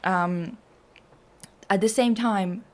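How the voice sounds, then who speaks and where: A woman's voice: medium pitch, extremely slow. A woman co-hosting a casual chat about art, thinking aloud with many fillers and hedges. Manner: laughs easily, enthusiastic asides. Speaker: co-host.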